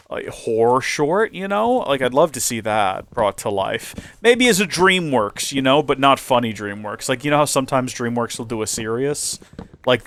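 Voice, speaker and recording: A man's voice: mid-range voice, fairly bright tone. A young man hosting a video game playthrough, chatting in a rambling, playful way. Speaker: host.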